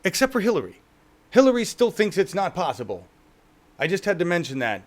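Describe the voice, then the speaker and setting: A man's voice: sits high, wildly swooping pitch, brisk. A man co-hosting a casual political talk show, profane and mocking, often acting out the people he talks about. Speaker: co-host.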